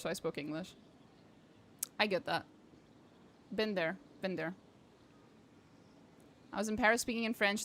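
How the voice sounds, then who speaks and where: A woman's voice: mid-range voice, a bit bright, a little hiss or hum. A young woman streaming a game, chatting casually with her viewers, swearing and laughing often. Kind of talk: casual chat while gaming.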